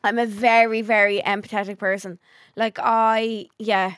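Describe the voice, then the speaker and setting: A young Irish woman hosting a podcast, telling stories in a chatty, quick manner and slipping into quoted voices. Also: mid-range voice, level tone, a bit bright, smooth, dry recording, clean studio sound. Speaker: podcast host. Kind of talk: casual chat.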